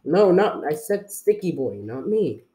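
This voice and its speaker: A man's voice: on the high side, very animated, a little slow, mellow. A young man giving rambling, jokey gameplay commentary to his viewers while putting on an unplaced accent for fun. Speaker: gaming video creator.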